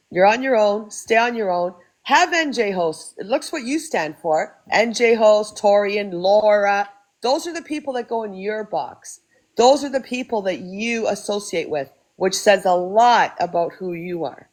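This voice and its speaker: A woman's voice: medium pitch, rough recording. A Canadian woman hosting a phone livestream, ranting in an angry, profane and cutting way. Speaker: livestream host. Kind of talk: casual livestream rant.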